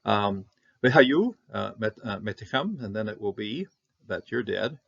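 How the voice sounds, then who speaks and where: Gravelly, halting Canadian-raised Bible teacher. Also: male voice, fairly low pitch, animated, muffled recording. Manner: halting, many fillers, sounds out Hebrew words slowly. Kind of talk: informal Bible language lesson.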